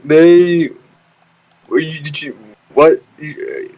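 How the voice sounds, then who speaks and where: A young man co-hosting a podcast, reacting with quick interjections and laughing a lot. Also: on the high side, a little mellow, poor audio. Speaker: podcast co-host. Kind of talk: casual podcast chat.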